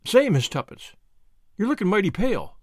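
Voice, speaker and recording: A man's voice: high voice, big pitch swings, moderate pace, no echo, clean studio sound, pitched above the performer's own voice. A man voicing a brash, generous young American with an American accent and breezy, confident slang.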